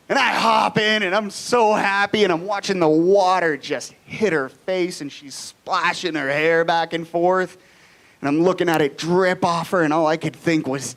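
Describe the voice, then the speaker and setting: His pitch swinging widely at a moderate pace, a man in his late twenties delivers crude stand-up on a live stage. Quiet muttering gives way to shouted punchlines.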